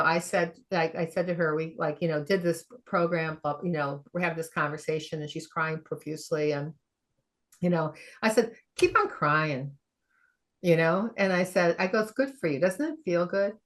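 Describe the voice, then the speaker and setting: Low-voiced woman telling a story. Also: moderate pace. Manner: animated, acts out quoted dialogue, laughs often. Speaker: functional medicine practitioner, podcast guest. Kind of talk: conversational storytelling.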